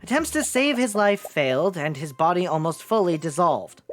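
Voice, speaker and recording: A man voicing a cold, formal prosecutor who speaks in a measured way. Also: sits high, very animated, soft background music.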